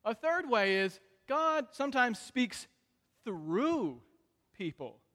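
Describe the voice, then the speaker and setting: A man preaching a sermon, shifting between soft asides and loud, emphatic peaks. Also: very high voice, sing-song, slow. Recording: long reverb of a large hall.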